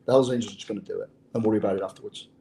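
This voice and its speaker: Interview guest, male former undercover cop: dark, mellow tone, blunt and profane, restarts his phrases. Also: lowish voice, steady tone, rapid-fire, vocal fry. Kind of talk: casual interview storytelling.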